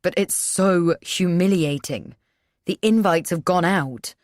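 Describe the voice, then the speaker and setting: A woman's voice: lowish voice, takes it slowly, a little mellow, no echo, clean studio sound. A woman voicing a hurt young man who pleads and turns sarcastic, in an audiobook reading. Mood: pleading.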